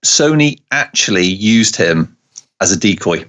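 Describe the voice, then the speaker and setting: A man on a podcast, chiming in with short, halting remarks. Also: on the low side, lively intonation, a bit bright. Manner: brief interjections, halting. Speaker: podcast co-host, groom in the story. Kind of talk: casual chat.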